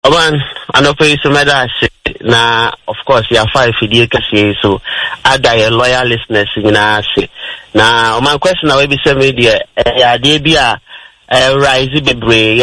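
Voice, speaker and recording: A man's voice: mid-range voice, pushed and bright, no room sound, rough recording. A Ghanaian man presenting a radio health talk, explaining step by step and mixing in English terms. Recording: radio broadcast.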